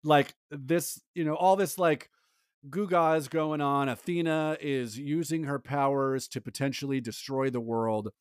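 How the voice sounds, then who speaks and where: A man co-hosting a podcast in casual chat, animated and rambling, acting out lines from a movie. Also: on the high side, measured pace, clean tone, no echo, clean studio sound. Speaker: podcast co-host.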